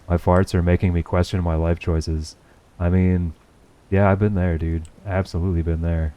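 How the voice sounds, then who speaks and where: Deep, mellow-voiced sarcastic male streamer. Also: flat delivery, moderate pace. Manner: profane, sarcastic running commentary to chat. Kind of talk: casual livestream gameplay chat.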